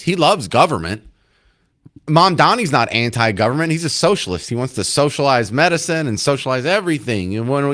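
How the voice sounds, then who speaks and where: A man's voice: medium pitch, a bit bright. A male talk radio host commenting sarcastically and acting incredulous at clips.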